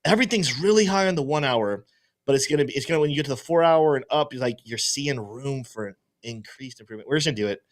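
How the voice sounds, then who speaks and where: Higher-voiced man thinking aloud. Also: lively intonation, fast talker. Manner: thinking aloud, rambling with restarts. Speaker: host and trader. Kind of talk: casual livestream chat.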